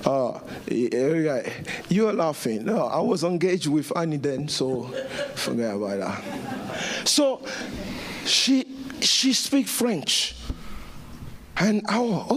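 A man preaching a sermon with passion, repeating phrases, stammering through restarts and rising to shouts. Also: high voice, big pitch swings, slow.

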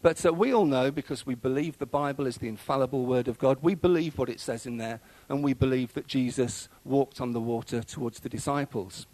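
A man's voice: mid-range voice, a little fast, hardly any pauses, a little mellow, poor audio. A man preaching a sermon in a conversational way, with frequent fillers and restarts.

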